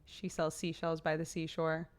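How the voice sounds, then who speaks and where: Female streamer, casual live chat, playful and giggly, slightly low register. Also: completely flat delivery, moderate pace. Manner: playful, laughs often, reciting tongue twisters.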